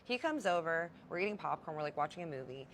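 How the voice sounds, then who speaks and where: A young woman recounts her own story in a low-pitched, confiding voice. She is blunt and swears casually, as if speaking straight to friends. A faint ambient hum sits under her voice. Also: animated, fast talker. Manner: candid, profane, confiding. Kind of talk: storytime vlog.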